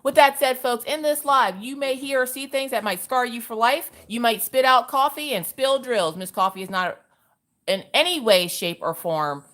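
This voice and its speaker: A woman's voice: fairly high pitch, moderate pace, a bit bright. A woman hosting a casual crafting livestream, greeting her viewers by name as she works. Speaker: livestream host.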